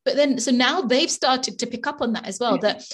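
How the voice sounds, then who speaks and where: A woman's voice: high-pitched, fairly quick. A woman life coach hosting a podcast, who talks openly and reflectively about her own experiences. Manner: open, reflective, shares personal stories. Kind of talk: casual podcast conversation.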